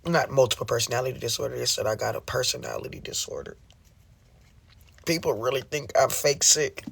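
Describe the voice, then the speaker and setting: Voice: medium pitch, fairly quick, gravelly, a bit bright, breathy edge. A livestreamer in an emotional, impassioned rant who swears often, fires rhetorical questions at the audience and repeats phrases for emphasis.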